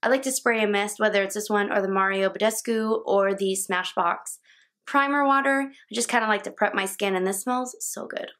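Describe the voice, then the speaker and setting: A woman's voice: mid-range voice, fairly even intonation, normal speed, fairly bright tone. Chatty young woman talking through makeup. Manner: chatty, casual, laughs at own slips. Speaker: beauty vlogger. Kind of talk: makeup tutorial talk-through. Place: home, indoors.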